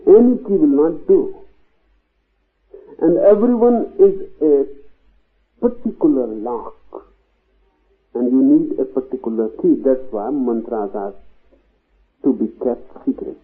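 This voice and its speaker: Male spiritual teacher, very slow, measured discourse; thin phone-like archival recording. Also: mid-range voice, animated. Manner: slow and deliberate, long pauses, emphatic rises on key words. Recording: tinny phone-like old tape.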